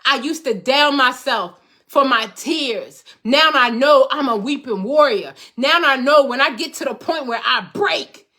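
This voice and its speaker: Emphatic high-voiced woman coach. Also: pushed and bright. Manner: emphatic, preachy, repeats phrases for rhythm. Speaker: host, life coach. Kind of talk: motivational talk to viewers.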